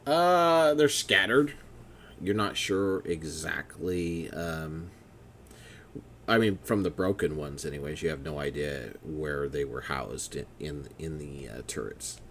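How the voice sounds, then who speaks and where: A man narrating as game master of a tabletop game, halting and full of fillers as he describes things. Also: a bass voice, expressive, fairly bright tone, a little hiss or hum. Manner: halting, many fillers and restarts.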